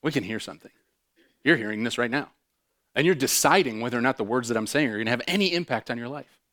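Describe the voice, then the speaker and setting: A man preaching a sermon in an animated way, mixing jokey asides with quieter earnest points. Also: mid-range voice. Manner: animated, joking asides with quick bursts and soft drops. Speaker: pastor.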